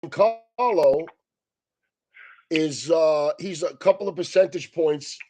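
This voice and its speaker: He speaks slowly, but the rant is pure stand-up: constant swearing, laughter running through every sentence, loose and animated profanity. His voice is high and husky.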